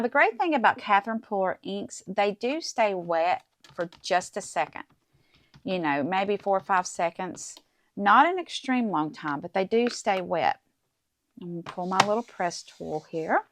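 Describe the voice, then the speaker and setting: A middle-aged woman hosting a casual crafting tutorial at her desk, chatting to viewers as she works. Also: on the low side. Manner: chatty, talks to viewers while working, says "guys" and "okay?". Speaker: crafting channel host.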